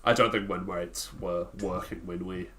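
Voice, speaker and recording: A man's voice: low-pitched, steady tone, normal speed, fairly bright tone. A man streaming a card game, chatting loosely with his viewers in a rambling way, full of "like" fillers. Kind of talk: casual live-stream chat while playing.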